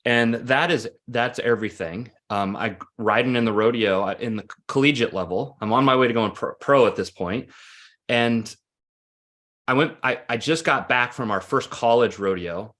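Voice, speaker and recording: A man in his forties speaking earnestly as a guest on an interview. He tells stories with animation, his pitch sitting in the middle range. He often restarts and repeats phrases as he works through a point. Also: normal speed, a bit bright. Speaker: guest, coach. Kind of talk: conversational interview storytelling.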